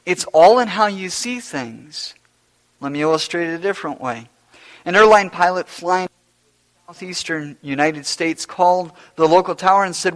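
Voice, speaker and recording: Emphatic high-voiced male preacher. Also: lively intonation, moderate pace. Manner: emphatic and repetitive, swinging between hushed and loud. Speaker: pastor. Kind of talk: sermon. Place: church service before a congregation.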